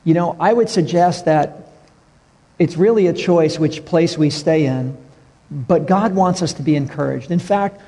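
A middle-aged man preaching a sermon as a pastor, telling stories and dropping to a soft hush for tender moments. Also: fairly high pitch, in a large hall. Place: church sanctuary.

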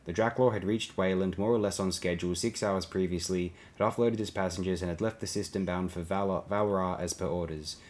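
A man narrating an audiobook in a steady, low-key reading. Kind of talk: scripted narration.

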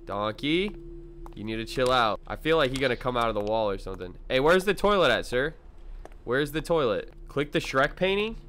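A young man doing gaming commentary to his chat, loud, excitable, slangy and quick to laugh. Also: medium pitch, slight background noise. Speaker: gaming YouTuber. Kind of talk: let's-play commentary.

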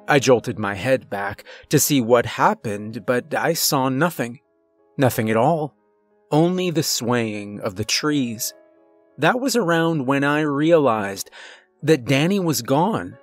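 A man giving a measured, low-key scripted horror narration.

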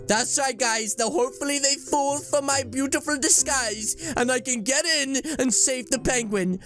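A young man, his voice pitched unusually high, chatters excitedly through his gameplay. He addresses his viewers directly in a playful, teasing way, with light background music underneath. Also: moderate pace, hardly any pauses. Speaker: gaming YouTuber. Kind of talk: game commentary.

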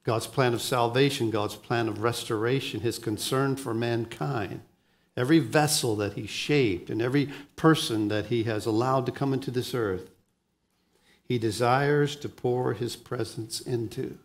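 A pastor preaching a sermon, moving between hushed lines and emphatic ones and often repeating words as he starts a thought. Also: medium pitch, unhurried.

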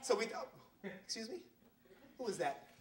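A man's voice: sits high, sing-song, roomy sound, distant mic. Man doing a prim, scolding school principal. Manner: scolding, prim, quick to correct. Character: fussy, stern school principal at an assembly. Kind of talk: live solo theater performance. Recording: live show with loud music.

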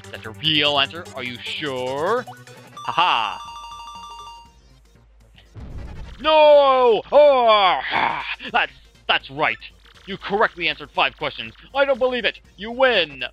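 A man's voice: mid-range voice, lively intonation, normal speed, sharp tone, soft background music. A man voicing a gloating, villainous male quiz-master guarding a fortress, in hammy game-show patter. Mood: taunting.

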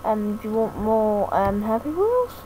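Slow, rambling woman on a noisy mic. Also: mid-range voice, very animated, dark tone. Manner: slow, hesitant, self-deprecating rambling with many restarts. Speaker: gaming YouTuber. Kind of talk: rambling thank-you talk over gameplay. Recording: noisy home mic recording.

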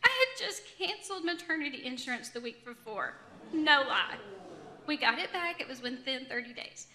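A woman giving a lively testimony talk to a group as a ministry speaker, often laughing as she tells it. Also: sits high, moderate pace. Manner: animated, laughing storyteller.

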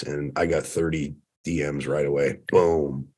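A man's voice: rumbling low, little pitch movement, unhurried, a little mellow, slightly rough. A man in his thirties, a podcast guest, candidly telling his story in casual conversation and swearing freely. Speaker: podcast guest, firefighter turned coach.

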